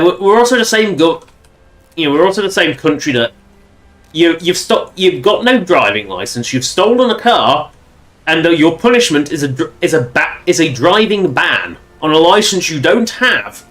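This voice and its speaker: A man's voice: on the high side, fairly bright tone. A man from England giving rambling, chatty gameplay commentary on a livestream. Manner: rambling, chatty, with frequent restarts. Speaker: game streamer.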